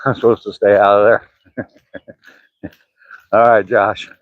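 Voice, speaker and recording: An older man with a Southern accent from Georgia, livestreaming a walk outdoors past pine woods, speaks in a lowish, flat, unhurried voice. Holding his phone camera, he rambles easygoingly and chuckles while reading viewers' chat aloud. There's no room sound, and the audio is phone quality.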